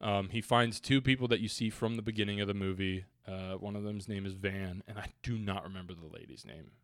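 Young man, casual podcast banter, profane and animated, dry close sound. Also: lowish voice, brisk, dry recording. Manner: animated, profane, laughs often, acts out quotes. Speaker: podcast co-host. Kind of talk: casual movie recap chat.

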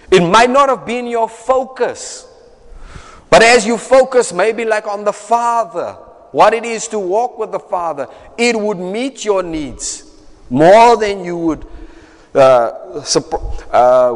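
High-voiced preacher. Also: male voice. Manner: conversational, repeats phrases, tags questions with "right?". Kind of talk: sermon. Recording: echoey hall.

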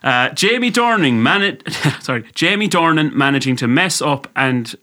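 A man's voice: a little high, animated, normal speed, pushed and bright. A young man co-hosting a casual podcast, swearing freely and laughing as he talks. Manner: swears freely, laughs through his reading. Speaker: podcast co-host.

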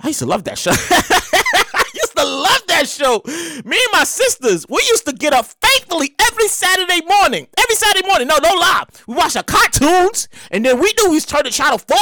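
A woman's voice: extremely high pitch, big pitch swings, brisk, sharp tone, dry recording. A woman vlogger ranting in a casual, profane way, stammering and repeating phrases as she reacts.

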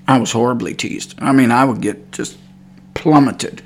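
This religious podcast comes from a host with a Texan accent who speaks at a normal pace in a medium pitch. A little hiss or hum sits under his folksy, rambling stories, which are thick with fillers.

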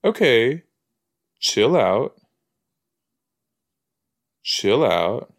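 A man's voice: medium pitch, big pitch swings, very slow, creaky. A man hosting a podcast, chatting casually as he reacts to a TV episode, full of "like" and "you know".

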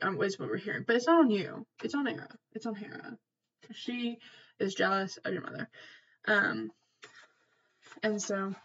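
Woman podcaster rambling about myths, um and like everywhere, curses a bit, kinda dull muffled sound. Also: mid-range voice. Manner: rambling, filler-heavy, swears casually, loses her train of thought. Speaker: podcast host. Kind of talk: casual mythology recap podcast.

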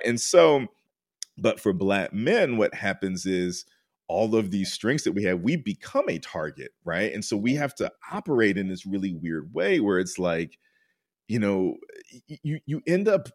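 Low-voiced man, dry close sound. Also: moderate pace, no echo. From United States. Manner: informal, rambling, frequent "right?" and "like"; gets loud and high-pitched when excited. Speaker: counselor and podcast guest. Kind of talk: candid interview conversation.

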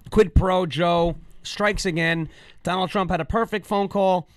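A man co-hosts a casual political show with a high-pitched voice. He talks in a mocking, animated way and keeps jumping into silly voices. The recording is dry and close, with no room sound. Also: measured pace, no room sound. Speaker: co-host.

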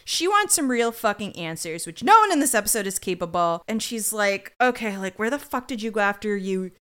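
A woman's voice: medium pitch, expressive, fairly quick, fairly bright tone, clear, resonant tone. A young woman co-hosting a podcast, recapping a TV episode in dry, profane casual chat and acting out the characters' lines. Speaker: podcast co-host.

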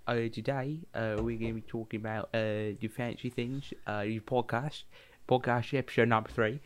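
A man's voice: mid-range voice, steady tone, normal speed, clear, resonant tone. A young man co-hosting a casual podcast chat, rambling with lots of fillers and repeated phrases. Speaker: podcast co-host.

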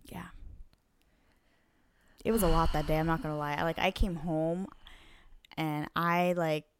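A woman co-hosting a casual podcast, telling a story with lively retellings of dialogue and frequent swearing. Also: low voice, measured pace, slight background noise. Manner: animated, swears freely, plays out quoted dialogue. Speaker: podcast co-host.

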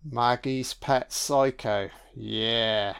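A man's voice: medium pitch, steady tone, drawn-out words, gravelly, a bit bright, clear, resonant tone. A man giving a casual film commentary, sweary, sarcastic and mocking.

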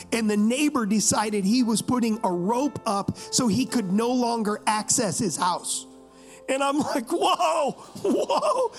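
High-voiced male pastor, chatty sermon. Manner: chatty, joking, keeps asking the congregation to agree. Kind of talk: sermon with storytelling. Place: church service.

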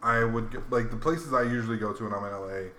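A man with a bright, forceful voice ambles through a story in casual chat, circling back and piling on fillers. The sound carries a roomy echo with a faint hum of room noise underneath. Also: medium pitch, quick pace. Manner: rambling, laid-back, lots of fillers. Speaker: podcast co-host.

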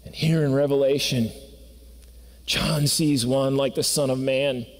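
A man's voice: mid-range voice, fairly even intonation, a little slow. A man preaching a sermon in a church sanctuary, telling stories earnestly and building to emphatic peaks. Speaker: pastor. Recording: long reverb of a church hall.

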